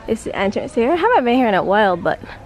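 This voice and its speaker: A woman's voice: a little high, very fast, soft background music. A woman vlogging at an outdoor park, chatting playfully with her toddler in a coaxing, sing-song way. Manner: playful, coaxing baby talk with a lively sing-song lilt. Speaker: vlogger and mother. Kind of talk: casual vlog talk to her toddler. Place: outdoor park and wildlife reserve. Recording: noisy outdoor ambience. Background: outdoor ambience and animals.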